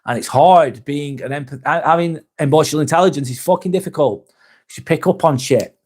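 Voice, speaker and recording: A man's voice: a little high, a little fast, darkish tone. A man hosting a casual live stream, reading out chat comments in a rambling, sweary, sometimes sarcastic way.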